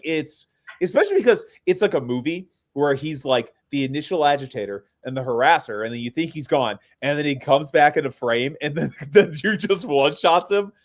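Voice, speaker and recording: Guy hosting a podcast, fired up, stutters when he's mad. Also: mid-range voice. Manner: heated, stammering when angry. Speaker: podcast host. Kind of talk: casual chat.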